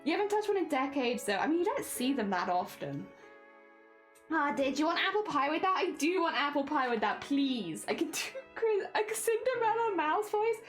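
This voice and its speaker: A woman's voice: high voice, big pitch swings, brisk, faint music behind. A woman livestreamer chatting casually with viewers while crafting, giggly and rambling, laughing often.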